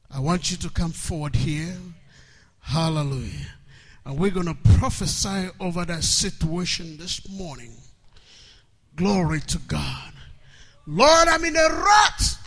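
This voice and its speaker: A man preaching a sermon, calling people forward and building to loud, emphatic, repeated refrains. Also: on the high side.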